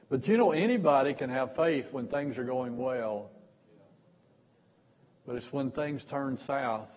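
A man preaching a sermon, telling folksy, self-mocking stories and repeating his words as he goes, with sudden loud bursts. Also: mid-range voice, rough recording. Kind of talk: storytelling sermon.

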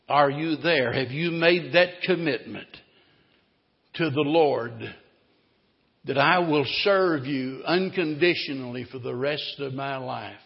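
A man preaching a sermon in a church, telling a story dramatically and swinging between loud and hushed delivery. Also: medium pitch, takes it slowly, gravelly. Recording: dull recording, long hall reverb.

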